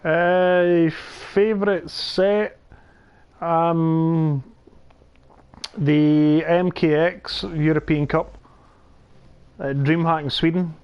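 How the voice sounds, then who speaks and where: A young man, telling animated stories and laughing in a casual gaming chat. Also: fairly high pitch, drawn-out words, pauses often, smooth, dull audio. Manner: animated storyteller, laughs mid-sentence, says "aye". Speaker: podcast co-host.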